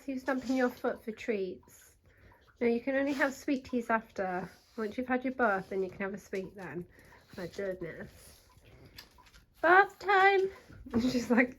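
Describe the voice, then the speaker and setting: A young British woman pet sitter in a casual vlog, cooing to animals in soft baby talk while bathing them at home. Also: on the high side, slight background noise. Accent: British English. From United Kingdom. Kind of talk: casual vlog talking to pets.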